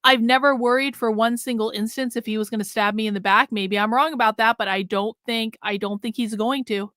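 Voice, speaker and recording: A bright-voiced woman talks in a blunt, chatty way, hosting her own livestream. Her voice sits a little high. The sound is close and dry. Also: fairly even intonation, brisk, no echo. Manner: blunt, chatty, laughs often. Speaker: livestream host. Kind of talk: casual livestream commentary.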